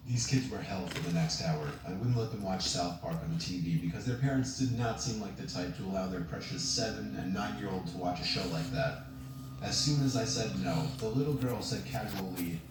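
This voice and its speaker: A man reading a horror story aloud in an even storytelling delivery. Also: on the low side, brisk. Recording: very echoey, distant, noisy.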